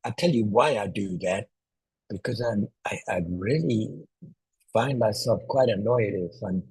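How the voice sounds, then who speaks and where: Brief: male video coach, deliberately loud delivery, very husky tone, keeps asking "right?". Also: lowish voice, no echo, low-quality recording. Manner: speaks loudly on purpose, with frequent "right?" check-ins. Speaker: online presentation coach. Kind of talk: casual video tutorial. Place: small one-room apartment, indoors.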